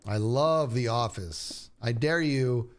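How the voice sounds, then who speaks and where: Speaking slowly in a mid-range voice, a middle-aged man chats casually with his stream viewers. He meanders through enthusiastic talk about shows he loves, often stopping in the middle of a sentence.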